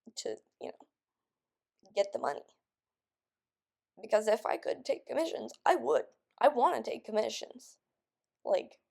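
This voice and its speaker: A woman's voice: a little high, vocal fry, a little mellow. A young woman venting in a rambling vlog, frustrated and stressed, sounding close to tears and just woken up. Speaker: vlogger.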